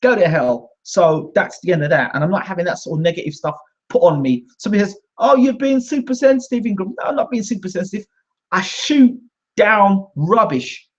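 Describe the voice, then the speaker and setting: A man's voice: high-pitched, lively intonation, brisk. A British man hosting his own channel, delivering an indignant, combative rant to camera. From Britain. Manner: indignant and combative, repeats himself. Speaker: host. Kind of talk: ranting monologue to camera. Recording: dull lo-fi sound.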